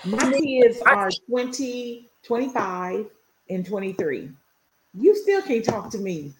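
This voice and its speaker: A woman in her forties tells stories in casual chat and acts out the quotes, her pitch swooping widely. The recording is echoey, with a roomy sound. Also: big pitch swings, takes it slowly. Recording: echoey room.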